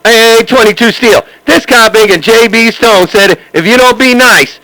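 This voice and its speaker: A man's voice: extremely high pitch, normal speed, sharp tone, no echo. Taunting man on crackly CB radio. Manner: taunting, repetitive, laughing. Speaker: CB radio operator. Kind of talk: trash-talking CB radio banter.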